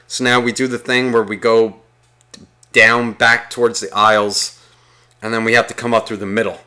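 A man with a bright, forceful voice tells a rambling story in casual chat. He swears constantly and slips into the voices of the people he quotes. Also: medium pitch, level tone, moderate pace, clear, resonant tone. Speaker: guest telling a story.

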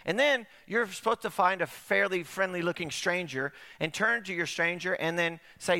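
A man's voice: sits high, moderate pace, few pauses, sharp tone. A middle-aged man preaching a conversational sermon, full of rhetorical questions. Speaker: pastor.

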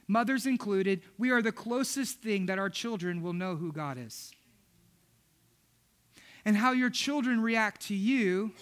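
Young pastor guy preaching, voice way up high, bright and punchy. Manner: animated, acts out his daughters' voices. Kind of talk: sermon.

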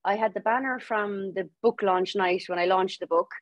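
A young adult Irish woman telling her story as a podcast guest, lively and laughing as she acts out what people said. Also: medium pitch, normal speed, dry recording. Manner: lively, laughing storyteller acting out quoted voices. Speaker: guest author. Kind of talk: storytelling interview.

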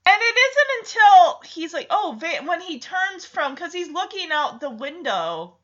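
A woman's voice: very high voice, very animated, measured pace, a bit bright, highs cut off. A woman casually recapping a movie, chatty and emotional as she tells the story.

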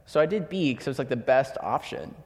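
A man's voice: mid-range voice, expressive, brisk, darkish tone. A young man giving a sermon, telling personal stories in a casual, chatty way with lots of filler words. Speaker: preacher. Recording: long hall reverb.

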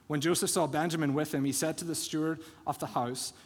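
A man's voice: fairly high pitch, steady tone, fairly quick, slightly rough. Earnest man preaching in a reverberant church. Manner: earnest expository preaching that retells scripture scenes. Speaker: pastor. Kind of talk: sermon. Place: church sanctuary. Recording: long church hall reverb.

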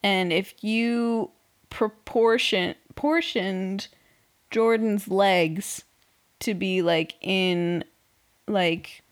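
Sarcastic young woman, slow and drawling. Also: medium pitch. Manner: sarcastic, swearing, laughing often. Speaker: podcast host recapping a reality show. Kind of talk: casual chat.

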